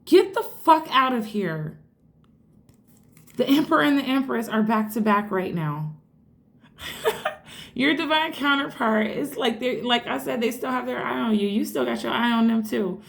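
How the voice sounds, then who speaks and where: Female tarot reader, casual and excitable, some vocal fry, echoey room. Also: on the high side, normal speed. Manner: excitable, swears freely, addresses viewers as y'all. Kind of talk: casual tarot reading to camera.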